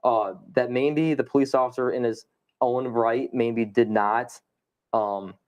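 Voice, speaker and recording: A young man, a podcast guest, telling a story in animated, fast casual conversation and swearing often. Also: medium pitch.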